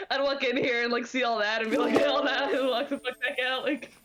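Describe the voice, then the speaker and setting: A woman's voice: sits high, steady tone, normal speed, background noise. Giggly, chatty young woman gamer. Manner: giggly, chatty, swears casually. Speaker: let's play co-host. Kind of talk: casual gaming chat.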